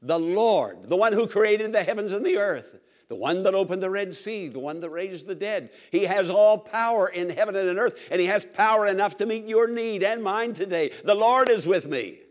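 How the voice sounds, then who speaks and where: High-voiced man preaching a sermon. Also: lively intonation, normal speed. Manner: emphatic, repetitive, call-and-response with congregation.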